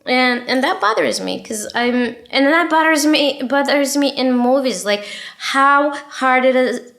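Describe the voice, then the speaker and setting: A woman in casual chat as a guest author, blunt and profane, full of fillers and quick restarts. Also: sits high, a bit bright. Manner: talks fast with many fillers and restarts.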